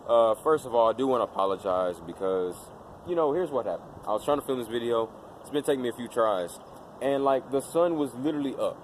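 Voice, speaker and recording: A man talks casually to his camera outdoors in daylight, wandering through his thoughts with plenty of fillers and restarts. His pitch sits in an ordinary middle range, and faint passing traffic hums behind him. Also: fast. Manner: rambling, with many fillers and restarts. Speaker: vlogger.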